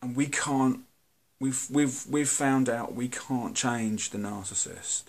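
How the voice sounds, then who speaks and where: A British man talking to camera in a candid, earnest monologue, blunt and halting, often restarting his sentences. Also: mid-range voice. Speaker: video host.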